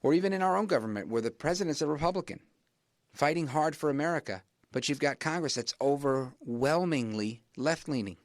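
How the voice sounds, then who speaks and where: A man hosting a talk radio show, delivering an emphatic monologue that keeps rising in pitch to stress his points. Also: animated, brisk, no room sound, clean studio sound.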